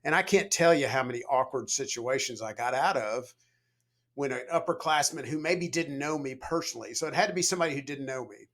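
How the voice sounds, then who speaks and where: A middle-aged man, a leadership coach, chatting as a podcast guest and telling stories in a relaxed way, full of "you know". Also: medium pitch. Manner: storytelling, relaxed, frequent "you know" fillers. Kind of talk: conversational podcast interview.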